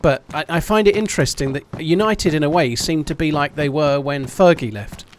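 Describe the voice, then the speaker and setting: A man's voice: a little high, fairly quick. Chatty man, noisy stream audio. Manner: chatty, swears freely, thanks supporters. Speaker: game streamer. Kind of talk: casual live-stream chat while gaming.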